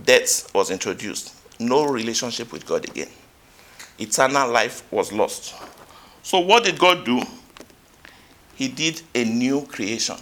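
A man preaching a sermon, asking the congregation questions and reading scripture aloud, swinging between loud emphatic peaks and quiet asides. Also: medium pitch, lively intonation, unhurried, long pauses, slight background noise.

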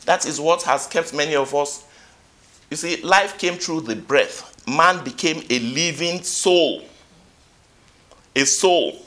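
A man preaching a sermon, asking the congregation questions and reading scripture aloud, swinging between loud emphatic peaks and quiet asides. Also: on the high side, slow pace, pauses often.

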